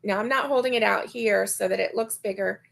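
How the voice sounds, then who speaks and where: A middle-aged woman hosting a casual crochet livestream, chatting warmly, laughing often and reading viewer comments aloud. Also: medium pitch, brisk, vocal fry. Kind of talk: casual live-stream chat.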